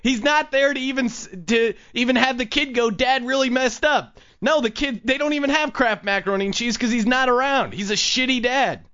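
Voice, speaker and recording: A man's voice: very high voice, a little fast, few pauses, sharp tone, clear, resonant tone, dull audio. A man hosting a podcast, riffing in a mocking, joking way and laughing often. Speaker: podcast host. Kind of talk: casual comedic commentary.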